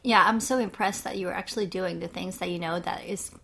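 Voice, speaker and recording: A woman's voice: fairly low pitch, fairly even intonation, fairly quick, creaky, pushed and bright, slightly rough. A woman co-hosting a podcast in casual chat, hesitant and thinking aloud with many fillers. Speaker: podcast co-host.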